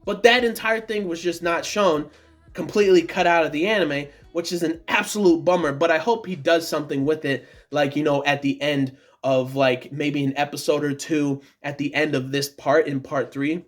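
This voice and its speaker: Excited rambling man, slightly high voice. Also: normal speed, soft background music. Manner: rambling, many fillers and restarts, excited. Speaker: anime reaction vlogger. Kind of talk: casual monologue review.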